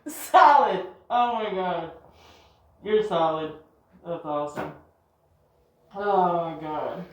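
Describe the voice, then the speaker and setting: A woman's voice: lowish voice, slow, far from the mic. A woman reacting as a chiropractic patient, exclaiming and laughing between her words in a clinic treatment room. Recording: echoey room.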